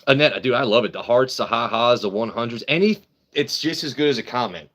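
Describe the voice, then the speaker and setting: A man runs a casual livestream, drinking and chatting with viewers, rambling along and swearing and joking as he pleases while addressing the chat head-on. His mid-range voice is a bit bright, fairly quick, with lively intonation.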